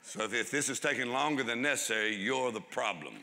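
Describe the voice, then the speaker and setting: A man preaching a sermon to a congregation, drawing out key phrases for emphasis and dropping into quick asides. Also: medium pitch, sharp tone, big-room sound. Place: church hall before a congregation.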